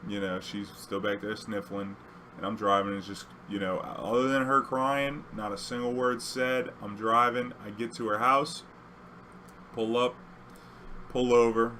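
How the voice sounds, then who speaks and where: A man's voice: fairly low pitch, flat delivery, unhurried, bright, forceful tone, slight background noise. Laid-back New man telling a story. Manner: rambling, loose delivery full of "you know". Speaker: taxi driver and storyteller. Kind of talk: casual storytelling.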